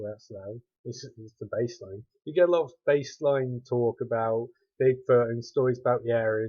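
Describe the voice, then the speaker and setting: A man's voice: medium pitch, mellow. Sarcastic man recapping a bad film. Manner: sarcastic, wry asides. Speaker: movie reviewer. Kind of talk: rambling spoken movie recap. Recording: dull lo-fi home recording.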